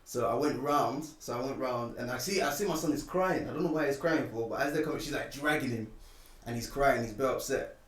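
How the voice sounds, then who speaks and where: Speaking fairly quickly in a mid-range voice, a man shares a personal story on a podcast, animatedly performing the lines people said. The room is echoey and the mic distant.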